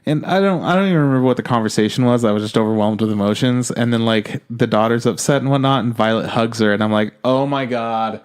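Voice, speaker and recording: A man's voice: mid-range voice, fast talker, hardly any pauses, clear, resonant tone. A man co-hosting a podcast, recapping episodes earnestly in casual chat and laughing often. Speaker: podcast co-host.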